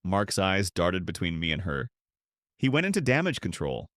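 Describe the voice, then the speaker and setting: A man's voice: deep voice, very animated, normal speed, a bit bright, dry recording, clean studio sound. An older man narrating a tense first-person drama in a clipped storytelling voice.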